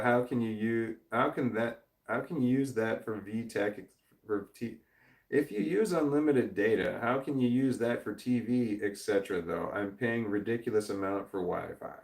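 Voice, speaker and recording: Male livestream host, casual and rambling, frequent swearing and laughs, mid-pitched, echoey room. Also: moderate pace. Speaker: livestream host reading chat. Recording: roomy echo.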